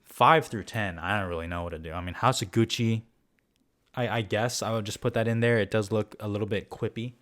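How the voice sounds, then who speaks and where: A young man giving a casual, animated rundown of his film award predictions, swearing now and then and joking at his own expense. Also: on the low side, brisk. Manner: casual, animated, swears, self-mocking asides. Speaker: film vlogger.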